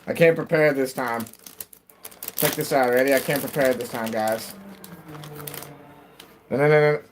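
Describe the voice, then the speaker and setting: A man with a mid-range voice live-streaming a racing game, chatty and excitable as he talks to viewers and his cat. Loud game sound runs steadily behind him on a noisy stream. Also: medium pitch, unhurried. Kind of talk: live gaming stream chat.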